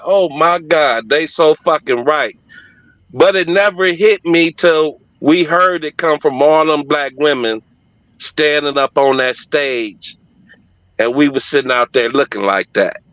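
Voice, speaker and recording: A man's voice: fairly high pitch, measured pace, fairly bright tone, no room sound. A middle-aged man telling a story in casual conversation, emphatic and profane but heartfelt. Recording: dull lo-fi audio, dry.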